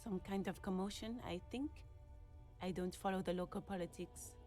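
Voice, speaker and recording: A woman's voice: fairly low pitch, normal speed, dark tone, soft background music, close to an everyday voice. An actress voicing a helpful local woman in a detective game, polite and matter-of-fact. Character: helpful local woman giving directions, casual.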